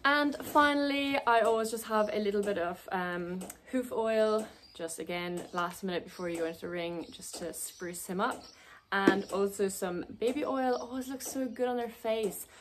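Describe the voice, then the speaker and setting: A woman's voice: medium pitch, moderate pace, background noise. A young woman from Ireland with an Irish accent, giving a chatty, upbeat vlog walkthrough. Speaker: vlogger.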